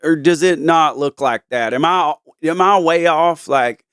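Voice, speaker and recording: A man hosting a podcast, talking earnestly through a Bible story in a casual chat. He is halting and often restarts his sentences. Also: on the high side, fairly bright tone, clean tone, no room sound, studio quality.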